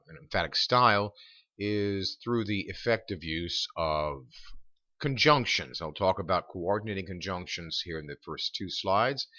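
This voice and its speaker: A low-pitched man lectures on writing over slides, his voice bright and forward. He explains step by step and fills pauses with ums and uhs. The recording is dry and dull, like a lo-fi voice-over. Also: no echo. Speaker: college writing instructor.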